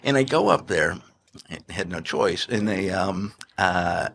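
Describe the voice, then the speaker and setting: A man in his sixties, telling stories as an interview guest, animated, often laughing and restarting his sentences. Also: sits low, unhurried. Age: 60s. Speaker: investment manager and podcast guest. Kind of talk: anecdotal interview storytelling.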